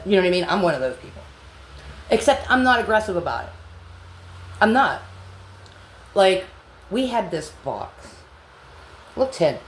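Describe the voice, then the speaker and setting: A woman telling an angry personal story in a blunt, profane vlog monologue that sometimes drops to a low whisper. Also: very animated, moderate pace, long pauses. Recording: echoey room with faint background hum.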